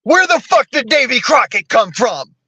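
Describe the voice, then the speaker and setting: A man in his thirties delivers a heated political rant full of profanity and sarcasm. His voice sits high for a man and has a bright, forceful edge. The recording is dry and close, with no room sound. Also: sing-song, normal speed, breathy edge, no room sound. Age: 30s. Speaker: streamer.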